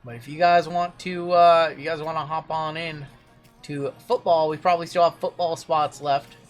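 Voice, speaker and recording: A man's voice: a little high, steady tone, normal speed, faint music behind. A man hosting a trading card break livestream, chatting casually and answering viewer questions as he opens packs.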